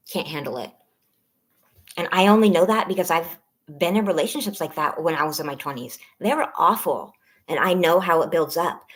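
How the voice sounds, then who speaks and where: A woman in her thirties with a somewhat low voice talks on a personal live stream. She speaks haltingly, her voice shaky and close to tears. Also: slightly rough. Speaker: vlogger on a members-only live stream.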